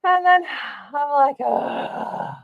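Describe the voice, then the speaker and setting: A woman's voice: fairly high pitch, measured pace, phone-quality sound. A woman hosting a livestream from her home craft room, chatting casually with lots of fillers and sounding a little out of breath. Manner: chatty, rambling, with many fillers. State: slightly out of breath. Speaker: livestream host.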